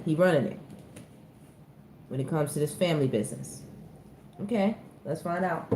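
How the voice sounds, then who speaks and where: Chatty woman reading tarot, echoey room. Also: sits low. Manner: chatty, talks straight to viewers, laughs often. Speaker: tarot reader. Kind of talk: casual tarot reading monologue. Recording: echoey room with faint ambient noise.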